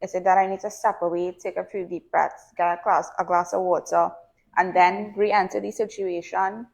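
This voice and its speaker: A young adult woman, a behaviour analyst guest, calmly explaining and telling stories from her own life in a casual podcast chat. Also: lowish voice, normal speed, gravelly, rough recording. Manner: calm, explanatory, tells personal stories. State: pregnant.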